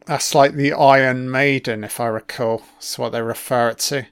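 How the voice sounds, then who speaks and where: A man's voice: medium pitch, fairly even intonation, normal speed, clean tone, no echo. A man giving a casual first-watch film commentary, reacting with profane, sarcastic remarks.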